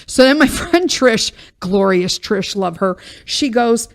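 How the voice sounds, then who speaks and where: A woman podcast host in a casual storytelling monologue, with a voice that rises and dips across a lively pitch range. She is blunt and profane, venting with plenty of swearing. She often turns wry and laughs at herself. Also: slow.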